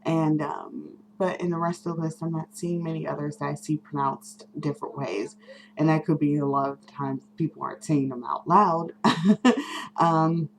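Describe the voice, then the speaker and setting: Low-pitched woman vlogging, lots of ums, faint hum behind. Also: steady tone, normal speed, gravelly, rough recording. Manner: rambling, many ums and self-corrections, giggly. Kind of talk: casual chat to camera.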